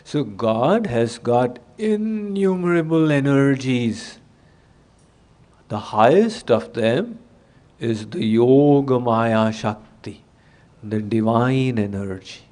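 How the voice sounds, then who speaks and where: A man giving a temple sermon, telling a story in a measured, explanatory way to his audience. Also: medium pitch, animated, a little mellow. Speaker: spiritual teacher.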